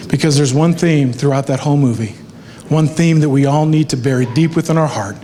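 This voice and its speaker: A middle-aged man giving a motivational speech, telling stories in a lively way and acting out other people's voices. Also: on the high side, a little fast. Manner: animated storytelling, acts out voices. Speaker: motivational speaker. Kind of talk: keynote speech with live art. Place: large hall with live audience. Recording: long hall reverb, faint background noise.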